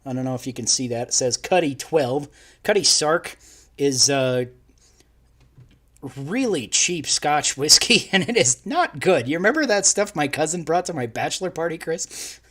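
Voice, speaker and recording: A man's voice: on the high side, expressive, moderate pace, bright, forceful tone. Rambling, laughing male podcast host. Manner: rambling, laughing, self-interrupting. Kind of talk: casual live-stream chat.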